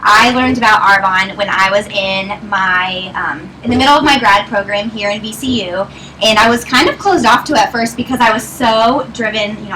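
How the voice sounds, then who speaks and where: A Northern Virginia woman in her twenties addresses a live audience at a meeting, laughing while telling a chatty story. She speaks at a moderate pace in a medium-pitched, bright, forceful voice. A distant mic captures her along with clear noise.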